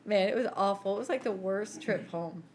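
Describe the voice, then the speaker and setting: A woman co-host spins a lively story with frequent laughs and voices for the people in it. Her voice sits at a middling pitch. A faint hiss sits under the recording. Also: brisk. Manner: animated storyteller, laughs often, acts out quotes. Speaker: podcast co-host. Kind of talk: casual chat.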